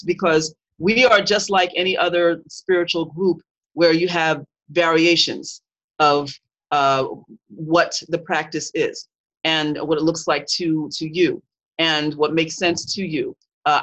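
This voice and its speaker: A Kemetic faith teacher giving a live-streamed talk, earnest and digressive, often pausing to search for words. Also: mid-range voice, fairly bright tone. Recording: dull lo-fi stream audio.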